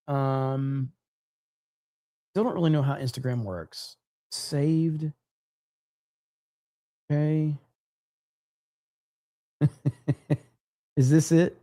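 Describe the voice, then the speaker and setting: A man hosting a live stream, chatting casually and with frequent swearing, reading viewer comments aloud. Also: fairly high pitch. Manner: casual and profane, reads chat aloud. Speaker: livestream host. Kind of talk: casual live-stream chat reacting to clips.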